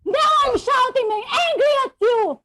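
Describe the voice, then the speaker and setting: A woman playing a furious, heartbroken male ex with a mustache who shouts in broken grammar over a video call. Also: extremely high pitch, expressive, takes it slowly, background noise, exaggerated voice.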